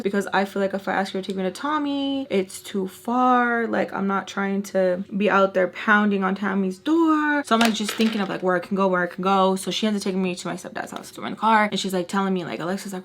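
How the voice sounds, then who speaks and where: A young woman vlogger telling a personal story in casual chat, animated and acting out what people said, with lots of "like". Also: mid-range voice. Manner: animated, acts out quotes, frequent "like".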